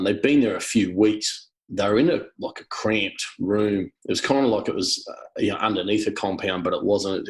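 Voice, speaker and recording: Aussie ex-soldier guy, lowish voice, blunt and sweary, just yarning about old ops. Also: poor audio. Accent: Australian. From Australia. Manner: blunt, swearing, matter-of-fact anecdotes. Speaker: special forces veteran guest. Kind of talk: casual storytelling interview.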